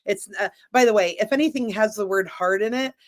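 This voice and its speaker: A man's voice: high-pitched, fairly quick. A man speaking as a guest in a candid, casual chat, rambling with frequent restarts.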